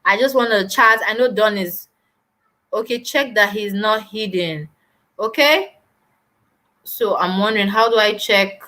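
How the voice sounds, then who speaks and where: Bright, chatty young woman live-streaming. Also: mid-range voice, measured pace, long pauses. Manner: animated and chatty, exclamatory. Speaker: YouTuber hosting a live stream. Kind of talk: casual live-stream chat, reading viewer comments.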